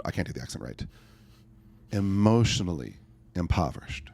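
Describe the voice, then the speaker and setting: A man's voice: sits low, fast. A man, a life coach and podcast guest, talking emphatically and telling stories in a conversational interview. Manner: emphatic, animated storyteller.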